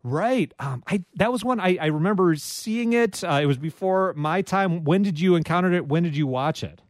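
A man hosts a live call-in radio show from a studio, chatting with callers in a friendly, self-deprecating way. His voice sits high and animated at a normal speed, picked up by a studio microphone with no echo.

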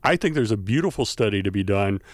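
A man who is a university scholar of regional culture, giving measured, explanatory answers as a radio guest, with many fillers. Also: lowish voice, lively intonation, no room sound.

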